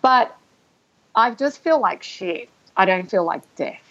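A woman's voice: medium pitch, lively intonation, a bit bright. Woman telling a personal story, muffled sound. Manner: emotional, halting, with restarts and throat-clearing. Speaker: guest. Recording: dull lo-fi recording.

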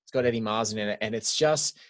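A man co-hosting a casual film podcast, talking in long, rambling, animated stretches full of "like". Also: lowish voice, quick pace. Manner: rambling, animated, heavy use of "like". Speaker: podcast co-host.

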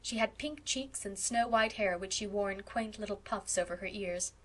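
A woman reads a classic novel aloud as an audiobook narrator. Her storytelling is expressive, and her voice sits in a middle register. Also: mid-range voice, normal speed. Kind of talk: scripted narration.

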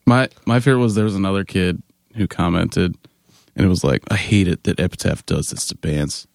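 A man in a band telling animated, laughing tour anecdotes in casual chat, mimicking other people's voices. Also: deep voice, brisk, creaky, no room sound, studio quality. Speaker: band member guest.

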